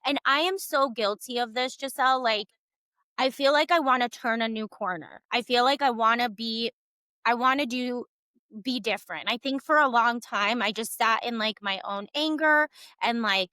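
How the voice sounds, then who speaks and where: A woman co-hosts a casual podcast with a bright, slightly high voice. She talks earnestly and with emphasis, leaning on "like" fillers. The sound is close and dry. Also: normal speed, clear, resonant tone, dry recording. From Cuban family background. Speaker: podcast co-host.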